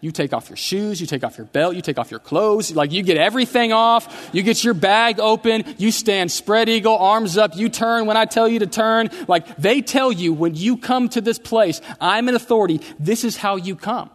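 A man's voice: high voice, normal speed, hardly any pauses. Conversational male preacher in reverberant church. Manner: conversational, storytelling with humor. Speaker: pastor. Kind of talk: sermon. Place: church sanctuary. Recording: long church hall reverb.

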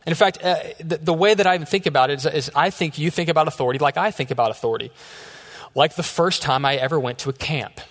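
A man's voice: on the high side, fast, fairly bright tone. Man preaching in a reverberant church. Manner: storytelling with quoted dialogue. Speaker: pastor. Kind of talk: sermon. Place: church sanctuary. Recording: long hall reverb.

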